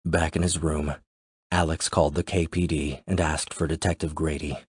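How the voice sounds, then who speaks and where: A man reads a thriller in a measured, steady voice. His tone is very low and the recording is dry and close, with no room around it. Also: husky, no echo. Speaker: audiobook narrator. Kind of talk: scripted thriller narration.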